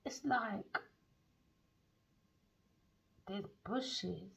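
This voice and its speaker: A woman's voice: mid-range voice, extremely slow, gravelly, slightly rough. A woman giving a rambling, emphatic, slangy tarot reading in casual monologue. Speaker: tarot reader. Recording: dull lo-fi recording.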